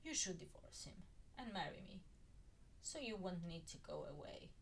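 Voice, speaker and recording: A woman voicing a gentle, confused man who is in denial, in a fan fiction reading. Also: high-pitched, normal speed, gravelly, a little hiss or hum. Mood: anxious.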